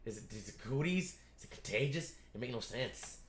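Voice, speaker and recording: A man reacting casually to an anime episode, swearing freely and breaking into excited outbursts at the screen. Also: medium pitch, fairly quick. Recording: roomy echo.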